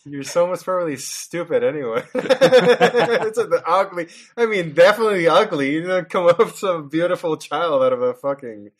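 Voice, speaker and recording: A man's voice: on the high side, expressive, moderate pace. A man on a podcast talking casually about a movie, laughing often and throwing in jokes. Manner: laughs often, jokey, chimes in. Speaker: podcast co-host. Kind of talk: casual chat about a film.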